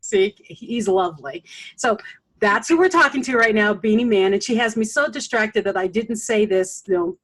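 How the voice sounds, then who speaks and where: A middle-aged woman hosting a casual chat, blunt and animated, laughing often. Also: mid-range voice, moderate pace. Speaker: podcast host and coach.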